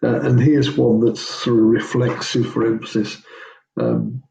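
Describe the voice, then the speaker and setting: Slow, gravelly-voiced man teaching Greek. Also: mid-range voice, big pitch swings, mellow. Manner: hesitant, many ums and self-corrections. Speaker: pastor teaching biblical Greek. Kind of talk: informal teaching walkthrough. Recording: roomy echo.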